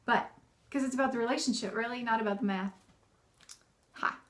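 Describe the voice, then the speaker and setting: A homeschooling mom talking casually to camera, chatty and animated, laughing often and acting out the bossy and cheerful voices she uses with her kids. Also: fairly high pitch, brisk.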